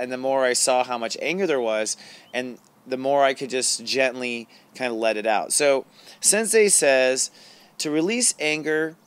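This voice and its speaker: A man's voice: medium pitch, clean tone. A middle-aged man hosting an astrology show, talking casually and confessionally to camera, with frequent fillers and laughs. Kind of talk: casual spiritual talk to camera.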